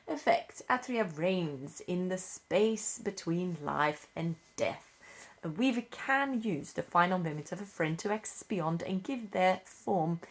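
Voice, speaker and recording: Gravelly low-voiced woman reading rules. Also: expressive. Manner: unhurried, with frequent fillers and self-corrections. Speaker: rulebook reader. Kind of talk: casual reading aloud of game rules.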